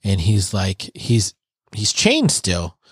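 A man's voice: fairly low pitch, huge pitch swings, slow, husky, dry recording, clean studio sound. A man co-hosting a casual podcast, retelling scenes and swearing freely as he reviews an episode. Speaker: podcast co-host.

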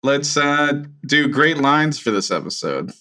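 A man's voice: fairly high pitch, measured pace. A man hosting a casual podcast chat, laughing easily and moving the show between segments. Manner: relaxed, laughing, runs the segments. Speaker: podcast host.

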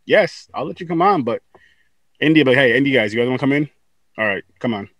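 A man's voice: medium pitch, animated, quick pace, a bit bright, no echo. A man hosting a podcast, chatting casually with guests, laughing often and repeating words as he talks. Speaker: podcast host. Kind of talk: casual interview chat.

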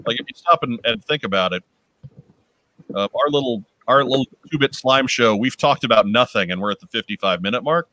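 A man's voice: mid-range voice, pushed and bright, low-quality recording. A man co-hosting a casual podcast, joking around and reading listener mail aloud. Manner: joking, quick banter. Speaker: podcast co-host.

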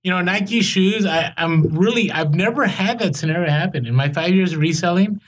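A man hosting a casual podcast, telling animated, rambling stories about reselling. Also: high-pitched, moderate pace.

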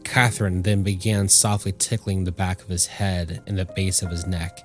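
Steady low-voiced male storyteller. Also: moderate pace, music in the background. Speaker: narrator. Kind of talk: audiobook story narration.

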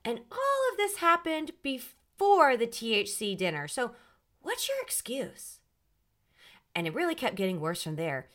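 A woman's voice: on the high side, sing-song, moderate pace, hardly any pauses, fairly bright tone. A woman hosting a solo podcast, outspoken and sassy. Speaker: podcast host.

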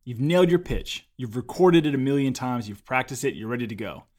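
A man co-hosting a casual conversation, telling stories and giving advice in an animated way. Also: mid-range voice, fairly quick. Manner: storytelling, animated when acting out quotes. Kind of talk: casual chat.

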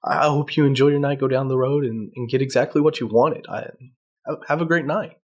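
A man's voice: medium pitch, fairly even intonation, a little fast, darkish tone. A man, a tea shop owner, earnestly telling customer stories in a podcast interview. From Texas. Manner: earnest storyteller, frequent restarts.

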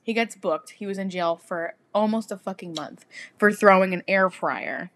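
A young woman chatting on a podcast with friends. She tells her story in a crude, lively way, swearing freely and building it up for laughs. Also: mid-range voice, normal speed. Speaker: podcast co-host. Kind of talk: casual chat.

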